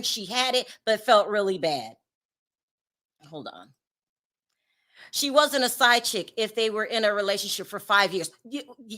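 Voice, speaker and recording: A woman's voice: high voice, pushed and bright. A woman hosting a gossip commentary channel, talking bluntly and sassily straight to her viewers. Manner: blunt, sassy, talks straight to the audience.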